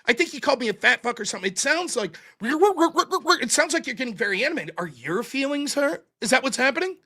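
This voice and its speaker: Male call-in host, bright piercing tone, mocking and argumentative. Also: extremely high pitch, sing-song, fairly quick. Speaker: host of a live call-in show. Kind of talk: live-stream call-in argument.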